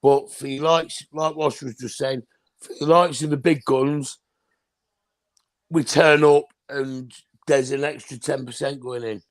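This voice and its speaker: A man's voice: medium pitch, steady tone, measured pace, no room sound. A man chatting casually on a football fan show, joking and telling anecdotes.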